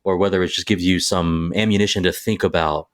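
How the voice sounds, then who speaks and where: A man's voice: deep voice, steady tone, a little fast, no echo, studio quality. A man co-hosting a movie podcast, chatting casually and reading out film picks with enthusiasm. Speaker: podcast co-host.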